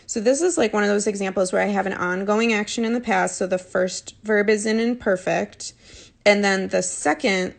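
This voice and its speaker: Woman teacher, gentle and encouraging, gravelly edge, phone mic. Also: mid-range voice. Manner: patient, encouraging, corrects answers gently. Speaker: Spanish teacher. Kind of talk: live online lesson.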